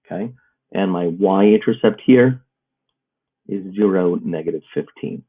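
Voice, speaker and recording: Low husky male math teacher, tinny. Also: normal speed. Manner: steady, step-by-step explaining. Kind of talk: recorded math lesson. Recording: muffled phone-like audio.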